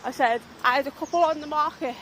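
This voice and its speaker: A woman's voice: high-pitched, fast, a bit bright, slight background noise, rough recording. A young woman tour guide vlogging, agitated and swearing as she retells an argument. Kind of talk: ranting vlog monologue.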